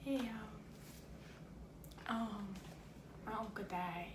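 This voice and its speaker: A woman vlogger tells a personal story in a halting, casual way, often pausing and correcting herself. She sounds set back from the mic in an echoey room. A clear layer of background noise runs under her voice. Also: medium pitch, distant mic.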